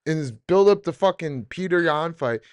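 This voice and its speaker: A man's voice: on the high side, animated, normal speed, clear, resonant tone, no room sound. A young man hosting a podcast in casual chat, laid-back and profane, laughing often. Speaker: podcast host.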